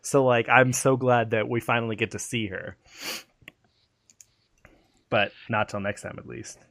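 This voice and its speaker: A man co-hosting a casual gaming podcast, animated and profane, acting out game scenes in quick put-on voices. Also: medium pitch, creaky, no echo, studio quality. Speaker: podcast co-host.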